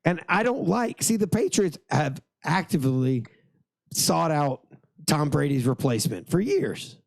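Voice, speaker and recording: Hoarse, gravelly man riffing on football. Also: a little high, animated, a little slow, no echo. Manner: rambling, crude, jokey. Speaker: podcast co-host. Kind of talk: casual sports chat.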